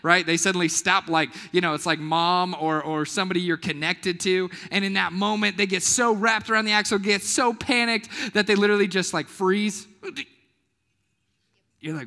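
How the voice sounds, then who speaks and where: A man's voice: high-pitched, normal speed, pushed and bright. A male pastor, preaching a casual youth sermon and calling the crowd to respond. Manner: casual and playful. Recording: long hall reverb.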